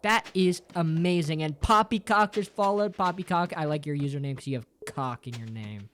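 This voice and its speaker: Casual livestream chat, jokey, swearing, says bro constantly, voice swinging high and low, medium pitch. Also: lively intonation, normal speed, few pauses, fairly bright tone. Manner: swears often and ends sentences with "bro"; playful and jokey, with big jumps up and down in pitch. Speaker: streamer.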